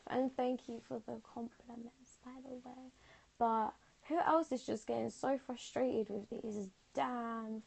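A young woman chatting casually on a phone livestream, replying to comments in a laid-back, drawn-out way. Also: on the high side, creaky.

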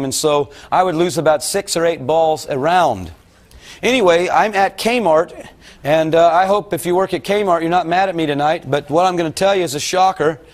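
A middle-aged man preaching to a gathered audience, his voice sitting fairly high for a man. He tells his story in a folksy, rambling way and keeps turning to the listeners with questions. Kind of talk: sermon recounting a dream.

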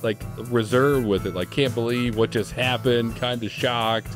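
A man's voice: mid-range voice, fairly even intonation, unhurried, soft background music. A man co-hosting a podcast, casually improvising a story and acting out its characters' lines, laughing often. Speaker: podcast co-host.

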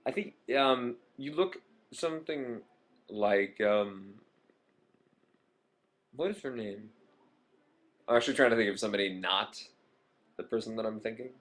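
A man's voice: fairly low pitch, a little slow, pauses often, a bit bright. A man co-hosting a casual livestream, rambling and hesitant while reading out fan messages. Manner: rambling, hesitant, lots of fillers.

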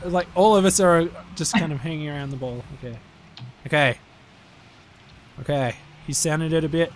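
A man playing a car soccer game as a guest, chatting casually, excitable, swearing and yelling at the plays. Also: on the high side, moderate pace, long pauses. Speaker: guest co-player. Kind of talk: casual gameplay chat.

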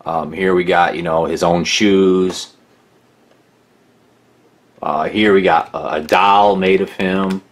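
A man's voice: deep voice, fairly even intonation, slow, long pauses. A man giving casual critical commentary as a documentary narrator, sarcastic and rambling with many restarts.

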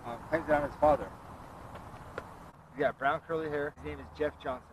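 A man who is a passer-by, talking hesitantly with many pauses and "uh"s. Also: on the high side, fairly even intonation, noisy background. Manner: hesitant, full of "uh"s. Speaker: passer-by on the phone.

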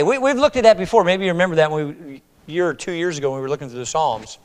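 A male pastor preaching a sermon, voicing a prophet's laments in loud, high, dramatic cries and praying in a softer, lower voice. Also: expressive, fast talker, hardly any pauses. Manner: soft, low prayer voice. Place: church sanctuary. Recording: long reverb of a church hall.

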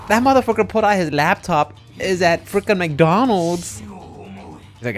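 A man streaming a live game, commenting excitedly, cursing and bursting into shouts. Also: sits high, moderate pace, faint music behind.

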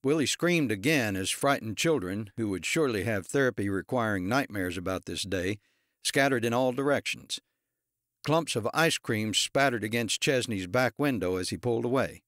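Male audiobook narrator, even delivery, medium pitch, dry sound. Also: dry recording. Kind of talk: scripted narration.

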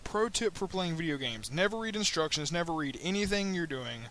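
A man giving let's play commentary on a budget microphone, rambling and joking with sudden high excited yelps. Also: brisk, a little hiss or hum. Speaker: gameplay commentator. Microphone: new budget microphone.

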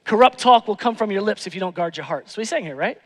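A man's voice: high voice, expressive, quick pace, long reverb tail. A man preaching a sermon as pastor, emphatic, repeating phrases and asking rhetorical questions. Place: church sanctuary.

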